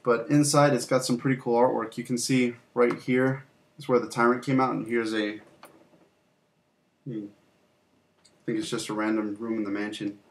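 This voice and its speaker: A man's voice: mid-range voice, level tone, moderate pace, long pauses, a little hiss or hum. A young man hosting a casual video, showing off games from his collection in a loose, rambling way with fillers and some mild swearing. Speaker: channel host. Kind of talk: casual game collection show-and-tell.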